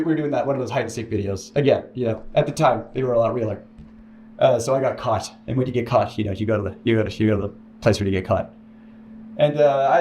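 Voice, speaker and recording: A man telling a painful personal story as an interview guest, halting and restarting, quoting others in a raised voice. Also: darkish tone, lo-fi sound. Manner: halting, many restarts, mimics others in higher voice. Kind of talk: emotional personal account. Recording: echoey room with faint hiss.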